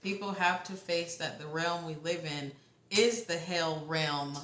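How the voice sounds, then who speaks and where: A young woman giving a casual tarot reading, talking in a halting, rambling way with the odd swear word. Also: low-pitched, a bit bright, roomy sound. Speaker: tarot reader.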